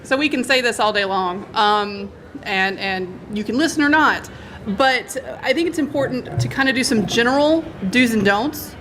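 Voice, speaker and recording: A woman's voice: on the high side, moderate pace, a bit bright, a little hiss or hum. A woman hosting a convention panel in a casual talk, laughing often and acting out lines.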